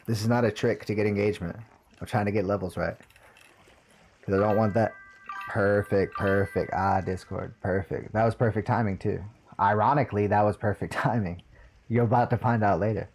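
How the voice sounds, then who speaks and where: A man's voice: on the low side, steady tone, a little fast, darkish tone. A young man chatting casually on a live stream, swearing now and then as he sets up his audio.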